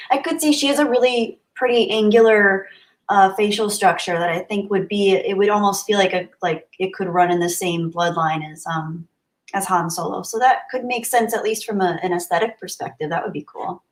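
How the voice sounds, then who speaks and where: A young woman on a livestream reads viewer comments aloud and thanks them, warm and grateful and sometimes softly emotional. Her voice is medium-pitched at a moderate pace, and the sound is reverberant.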